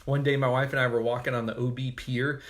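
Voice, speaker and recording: A man preaches a short daily devotional in an easygoing, conversational way. He talks like he's chatting with friends and drops in light jokes along the way. His voice sits at an ordinary middle pitch. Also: level tone, fast. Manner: casual, conversational, joking asides. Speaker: pastor. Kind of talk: devotional sermon.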